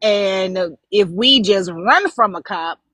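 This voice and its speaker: A woman's voice: mid-range voice, lively intonation, slow, a bit bright, no room sound, rough recording. Blunt sarcastic woman, dry sound. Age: older. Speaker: co-host. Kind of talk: casual live-stream commentary.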